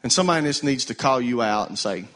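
A male pastor with a mid-range, fairly bright voice preaches fast and expressively. He uses call-and-response, urging the congregation to answer him.

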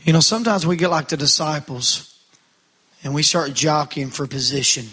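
Bright high-voiced male preacher. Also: normal speed, husky. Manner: preaching with rising fervor, calls to the congregation. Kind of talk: sermon.

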